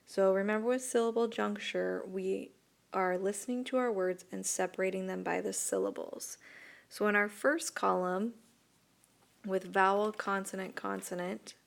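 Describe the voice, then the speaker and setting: A woman's voice: medium pitch, vocal fry, fairly bright tone. A woman teacher recording a video lesson, giving patient step-by-step instructions to her students. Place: voice-over for an interactive whiteboard video.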